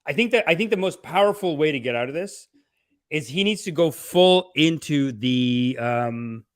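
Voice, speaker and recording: Male podcast host, animated sarcastic commentary, slightly high, dry mic. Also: moderate pace, no room sound. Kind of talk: comedic commentary.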